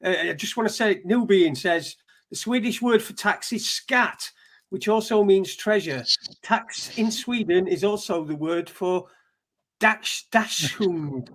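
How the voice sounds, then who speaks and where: A man's voice: high voice, unhurried. A man co-hosting a casual talk show, joking around and swearing a lot. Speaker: podcast co-host. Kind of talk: casual chat.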